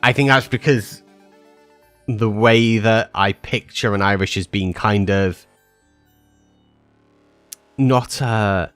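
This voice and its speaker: A man's voice: fairly low pitch, slow, pauses often, a bit bright, no room sound, faint music behind. A man chatting casually with his live-stream viewers, rambling with many fillers and restarts.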